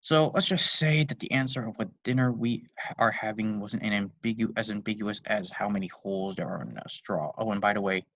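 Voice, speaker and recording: Deadpan know-it-all girl, sarcastic and precise, voiced by a man. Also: medium pitch, normal speed, no echo, dull audio, voice pushed up.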